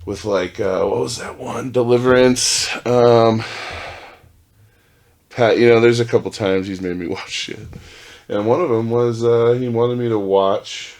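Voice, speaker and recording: A man's voice: mid-range voice, steady tone, a little slow, darkish tone. A man in his thirties, hosting a podcast at home, telling a rambling, profane story full of restarts and asides. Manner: rambling, profane, self-interrupting. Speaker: podcast host. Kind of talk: casual solo storytelling. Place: home with dogs.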